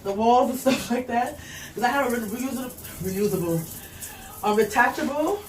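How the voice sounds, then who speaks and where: A woman's voice: fairly high pitch, lively intonation, normal speed, slight background noise. A young woman vlogging casually while she cleans, rambling and chatty, talking to a child off camera and reading comments aloud.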